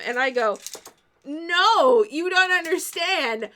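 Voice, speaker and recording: A woman's voice: sits high, lively intonation, slow, bright, forceful tone. A young Canadian woman telling a story on a livestream, laughing, swearing and acting out what people said. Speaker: co-host.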